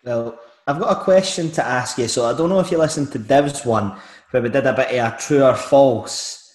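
A man hosting a casual podcast interview, asking relaxed, teasing questions. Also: medium pitch, normal speed, reverberant. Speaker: podcast host.

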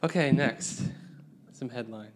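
A man's voice: mid-range voice, takes it slowly. A young man hosting a podcast in casual chat, rambling and laughing easily. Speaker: podcast host.

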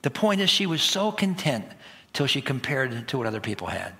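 A man's voice: fairly high pitch, very animated, moderate pace, fairly bright tone. A middle-aged man preaching a sermon, telling stories animatedly and acting out the voices of the people in them. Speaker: pastor.

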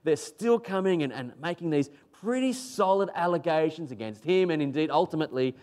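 A man's voice: a little high, expressive, brisk, darkish tone. A man preaching from the pulpit in a slightly raised voice. He keeps his delivery casual and emphatic and repeats phrases to drive points home. The tone is a plain, everyday talk to a congregation. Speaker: pastor. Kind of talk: sermon.

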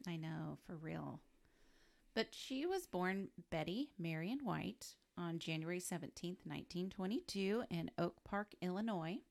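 A woman's voice: on the low side, animated, a little slow, vocal fry, darkish tone. A woman co-hosting a podcast, talking casually through a life story and joking between facts. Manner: chatty, laughs often, quips between facts. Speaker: podcast co-host.

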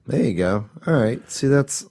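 A man's voice: mid-range voice, lively intonation, normal speed, dark tone, husky. A man co-hosting a casual podcast chat, blunt and profane, ranting about people he dislikes. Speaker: podcast co-host.

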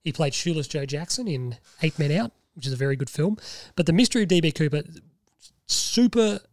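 Animated man with a dry close sound. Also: fairly high pitch, brisk, dry recording. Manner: animated storyteller, quotes scenes in put-on voices. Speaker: podcast co-host. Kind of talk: casual chat.

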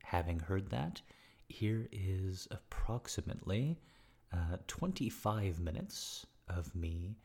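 A man making intimate spoken audio, talking softly and often dropping into a whisper, with rambling asides. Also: deep voice, expressive, takes it slowly, creaky, slightly rough. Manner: soft, murmured, often whispering; rambling, self-deprecating asides. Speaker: erotic audio creator.

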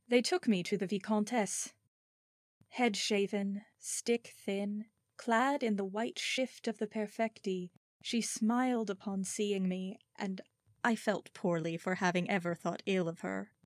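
A woman narrating a first-person story in a measured, expressive reading. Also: mid-range voice, no echo, studio quality. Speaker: audiobook narrator.

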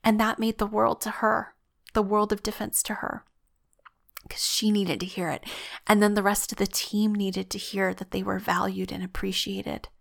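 Earnest woman with vocal fry. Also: mid-range voice, little pitch movement, moderate pace. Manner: earnest, reflective storytelling. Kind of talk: personal faith testimony.

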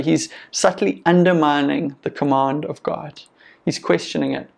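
A man's voice: on the high side, fairly even intonation, moderate pace, gravelly, darkish tone. A man preaching a sermon as pastor, earnest and encouraging, with conversational asides to the congregation.

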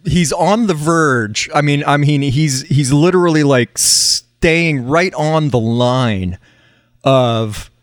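A man co-hosting a casual podcast, telling stories in a rambling, halting way with many restarts. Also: fairly high pitch, no echo, studio quality. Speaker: podcast co-host. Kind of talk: casual chat.

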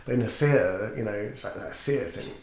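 A man's voice: lowish voice, normal speed. Earnest man telling a story in a roomy space. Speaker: podcast guest, teacher and singer. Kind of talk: casual interview conversation. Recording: roomy echo with faint noise.

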